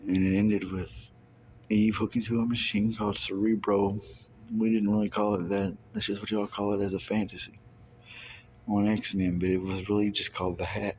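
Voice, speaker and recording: Man in his thirties, from Kentucky, lowish voice, rambling monologue, profane, rhyming wordplay, faint hiss behind. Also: flat delivery, moderate pace, darkish tone. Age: 30s. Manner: profane, loose rhyming wordplay, jumping between ideas. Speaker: self-recorded monologue speaker. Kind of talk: rambling stream-of-consciousness monologue.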